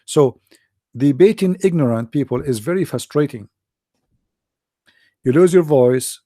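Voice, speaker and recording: A man, a bit hoarse, talking in a casual commentary monologue with lots of fillers and restarts. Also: fairly high pitch, a little slow, dry recording, studio quality. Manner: animated, repetitive, many fillers and restarts. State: losing his voice, hoarse. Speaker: debate show host.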